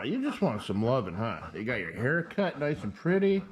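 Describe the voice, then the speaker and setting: A man vlogging casually, switching to a high sing-song voice for his dog and talking easily to the camera. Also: normal speed, hardly any pauses, a little hiss or hum. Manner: relaxed, easygoing narration. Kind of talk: casual vlog chat. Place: at home with a dog.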